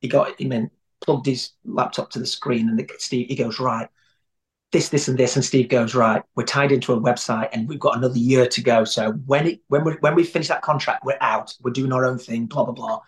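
A man's voice: mid-range voice, steady tone, brisk. A man telling long anecdotes in a rambling, conversational way as an interview guest. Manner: rambling storyteller, many restarts.

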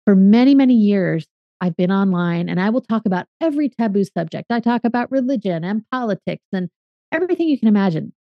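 A woman's voice: mid-range voice, lively intonation, fast talker, no room sound, highs cut off. A woman in her fifties from California, a podcaster and consultant answering interview questions in a reflective, explanatory way with some fillers. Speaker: podcaster and strategic consultant, guest.

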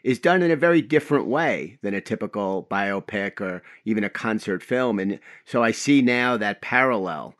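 Low-voiced male interview host. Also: lively intonation, normal speed, few pauses, fairly bright tone, no echo, clean studio sound. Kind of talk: casual interview talk.

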